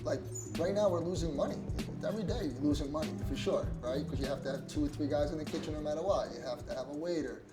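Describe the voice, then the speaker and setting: Animated man in an echoey room. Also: on the high side, fast, few pauses. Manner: animated storyteller, laughing while recounting. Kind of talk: casual interview chat. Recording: echoey room with loud music. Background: loud background music.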